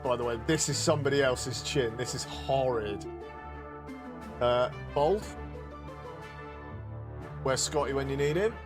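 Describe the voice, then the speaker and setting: A man hosts his own live stream, rambling cheerfully from one filter to the next. He cracks jokes and swears in a loose, offhand way. His voice sits a little on the high side for a man. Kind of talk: casual live-stream chat.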